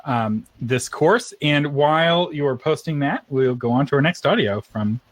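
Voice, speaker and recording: A man's voice: a little high, lively intonation, moderate pace, no echo. Chatty man co-hosting a podcast. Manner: chatty, laughs often, eats ice cream on air. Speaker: podcast co-host. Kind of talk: casual live podcast chat.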